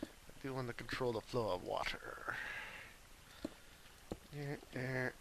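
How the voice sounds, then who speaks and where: A man's voice: medium pitch, brisk, creaky, noisy background. A man giving casual, rambling gameplay commentary as host, jokey and self-mocking, on a desk microphone at home. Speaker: let's play host.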